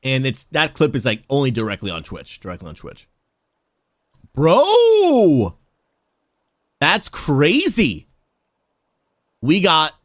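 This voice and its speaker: A man talking casually to his live stream chat as a game streamer, animated and chummy. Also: medium pitch, dry recording. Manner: animated, talks straight to chat, says "dude" and "bro".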